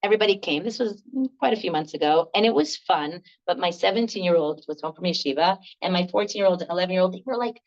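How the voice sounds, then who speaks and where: Animated older woman telling stories. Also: lowish voice, fast, few pauses, muffled recording. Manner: animated, laughs often, acts out quoted voices. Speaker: laughter workshop leader. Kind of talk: storytelling workshop talk.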